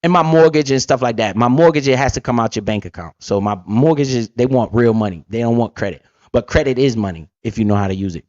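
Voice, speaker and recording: A blunt, streetwise man hosting a profane, casual money-talk livestream, with big swings in pitch as he talks. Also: fast talker, hardly any pauses, darkish tone, no echo, lo-fi sound. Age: adult parent. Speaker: livestream host.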